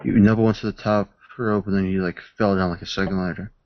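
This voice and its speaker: A man's voice: sits low, fairly even intonation, fast, no echo, highs cut off. A man co-hosting a casual podcast, tossing in short teasing remarks. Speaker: podcast co-host. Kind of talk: casual chat.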